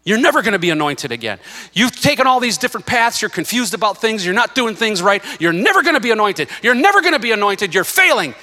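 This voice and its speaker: A man's voice: sits high, lively intonation, fast, few pauses, sharp tone, voice pushed up, exaggerated voice. A man preaching voices a taunting male devil who mocks and accuses the listener. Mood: screaming accusations.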